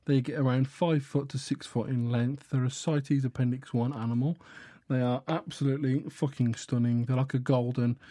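A man's voice: medium pitch, steady tone, normal speed, few pauses, dark tone, no room sound. A man hosting a casual reptile podcast, jokey and profane, tripping over names as he goes. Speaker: podcast host.

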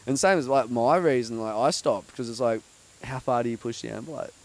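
An Australian man hosting a podcast in relaxed, casual chat with easy swearing. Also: mid-range voice, fairly quick. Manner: laid-back, swears casually. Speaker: podcast host.

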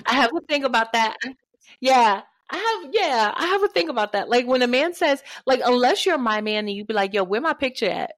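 A woman's voice: on the high side, brisk, no room sound. A woman co-hosting a podcast, telling a dating story in casual chat and acting out what people said. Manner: animated storytelling, acts out quotes. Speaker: podcast co-host.

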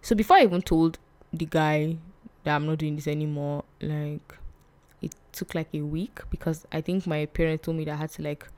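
Young woman, low flat voice, hesitant and soft, half whispering her story. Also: normal speed, smooth, no echo. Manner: soft and hesitant, often dropping to a whisper, with nervous laughs. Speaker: vlog host. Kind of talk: emotional personal storytelling.

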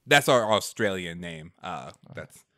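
A man's voice: low voice, expressive, a little slow, a bit bright, no room sound, clean studio sound. A man co-hosting a casual movie-review podcast, laughing often and hesitating with many ums and restarts. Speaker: podcast co-host.

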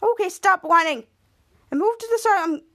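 A woman's voice: very high voice, animated, normal speed, fairly bright tone, pitched above the performer's own voice, heavily acted. A woman voicing a cocky teenage boy superhero, brash and impatient.

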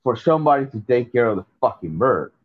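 A man talking casually in an interview, halting, with many fillers and repeated words, on a phone line. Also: mid-range voice, very animated.

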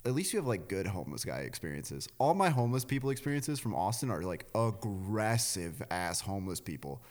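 Lively-voiced man with blunt banter. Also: lowish voice, brisk. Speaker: podcast guest. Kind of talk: casual chat.

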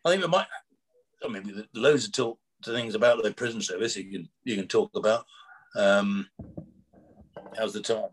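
A man's voice: on the low side, normal speed, long pauses. A man, a former prison officer, telling rambling anecdotes in casual chat, acting out quoted dialogue with chuckles.

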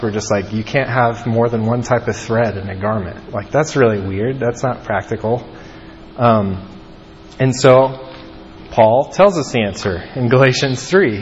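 A young man giving an informal Bible teaching, talking casually with lots of "like" and "um". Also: medium pitch. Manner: casual, peppered with "like" and "um". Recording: dull lo-fi audio with long reverb and faint ambient noise.

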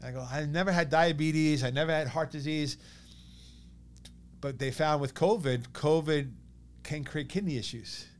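A man in his thirties with a New York accent, telling a personal story as a podcast guest in an animated way, acting out what others said. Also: on the high side, moderate pace, slight background noise. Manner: animated, quotes others in lively bursts.

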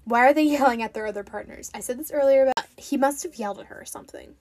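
A woman's voice: sits high, fast, a little mellow. A woman giving a casual, opinionated recap of a reality show episode, chatting loosely and leaning hard on "like". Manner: chatty and opinionated, heavy use of "like".

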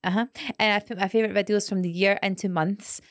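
A woman's voice: mid-range voice, fairly even intonation, fast, dry recording, studio quality. A Scottish woman co-hosting a podcast, chatting casually and mimicking her friends. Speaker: podcast co-host. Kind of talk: casual chat.

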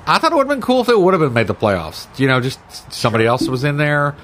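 A man as a podcast guest, talking casually as a fan, halting and restarting often. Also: a little high, huge pitch swings, fairly bright tone, slight background noise. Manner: hesitant, many fillers and restarts, fan talk. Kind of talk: casual sports chat.

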